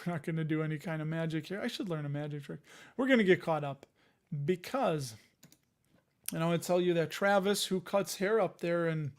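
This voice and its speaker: A man hosting a casual investing livestream, running through news with jokey asides. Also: a little high. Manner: chatty, jokey asides while reading news items. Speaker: host of a dividend investing show.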